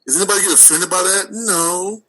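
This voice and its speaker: Bright animated man arguing on radio. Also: high voice, low-quality recording. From United States. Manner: animated, repeats words, acts out quick dialogues. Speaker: radio show host. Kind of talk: casual debate chat.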